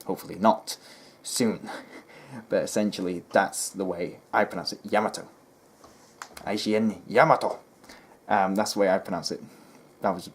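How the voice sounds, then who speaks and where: Dude with a real low voice, rambly and a bit fed up, um-ing a lot while he talks to his viewers. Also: a little mellow. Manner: chatty and exasperated, lots of ums and restarts. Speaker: history video host. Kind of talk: casual rambling commentary to camera.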